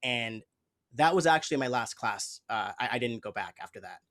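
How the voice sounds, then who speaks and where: A man's voice: mid-range voice, animated, moderate pace, a bit bright. A man hosting an interview who talks in an earnest, reflective way, often searching for his words as he explains his thoughts as an improv teacher. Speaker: host. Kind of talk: conversational interview.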